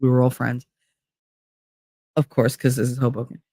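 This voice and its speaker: A middle-aged woman, telling stories on a podcast in an animated, blunt way, swearing freely and acting out dialogue. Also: rumbling low, moderate pace, dry recording, studio quality. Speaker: podcast co-host, former teacher. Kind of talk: storytelling chat.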